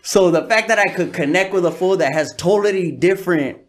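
A man's voice: high voice, brisk. A man from California, a comedian telling stories in a casual interview, full of slang and swearing. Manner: slangy, profane, laid-back storytelling. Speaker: comedian guest.

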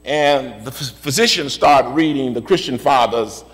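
A man preaching a sermon, repeating his phrases in a steady rhythm and building up to shouted refrains. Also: mid-range voice, measured pace, long reverb tail, rough recording. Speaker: pastor.

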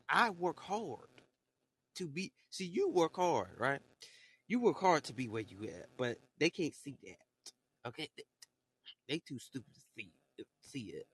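A man talks in a loose, profane rant, his voice bright and fairly high for a man. He stumbles and repeats words as he goes. It sounds like a solo recording made as a voice message. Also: husky. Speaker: podcaster. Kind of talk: casual monologue rant.

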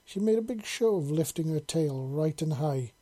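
Husky, mellow male storyteller. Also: a little high, expressive, normal speed. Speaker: narrator. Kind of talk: narrating an adult fantasy story.

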